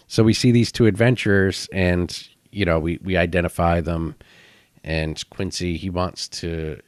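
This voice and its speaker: Very deep-voiced man recapping a game. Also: no room sound. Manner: relaxed, recapping with frequent fillers. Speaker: podcast co-host and player. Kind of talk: casual chat recapping a tabletop game.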